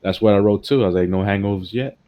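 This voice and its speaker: A man's voice: on the low side, fast, highs cut off. A young man co-hosting a podcast in a casual, laid-back, slangy chat, laughing often. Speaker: podcast co-host.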